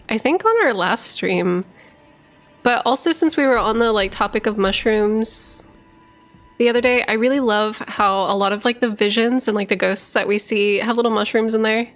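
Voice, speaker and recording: A woman's voice: fairly high pitch, moderate pace. A woman streaming a video game, chatting casually and giggling, who switches to baby talk with her dog. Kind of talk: casual live-stream chat.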